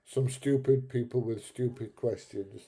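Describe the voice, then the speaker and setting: A man's voice: mid-range voice, fairly even intonation, measured pace, vocal fry, warm tone, breathy edge. A middle-aged British man hosting a live stream, chatting casually through viewer comments, laughing often and calling people mate. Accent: British English.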